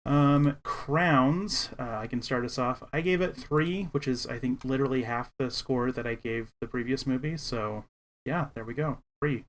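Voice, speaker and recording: A man co-hosts a horror podcast in casual chat. His delivery is dry and hesitant, with frequent pauses. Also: mid-range voice. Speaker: podcast co-host.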